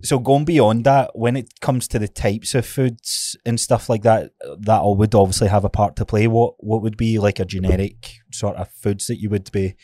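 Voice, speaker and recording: Male podcast host, lowish voice, dry close sound, easygoing. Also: normal speed, hardly any pauses, no echo. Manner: relaxed, agreeable, many fillers. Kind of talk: casual interview chat.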